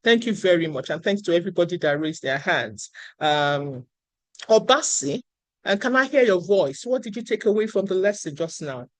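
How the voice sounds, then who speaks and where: A woman's voice: on the low side, expressive, moderate pace, no room sound. A woman leading an online class on research writing, emphatic and encouraging, calling on students by name. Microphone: video call.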